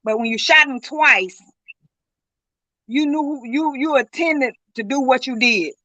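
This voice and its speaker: Middle-aged woman, grieving mother's account, high and sharp, dry muffled lo-fi audio. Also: measured pace, dry recording. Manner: earnest, speaks in vivid retold dialogue. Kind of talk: emotional personal account.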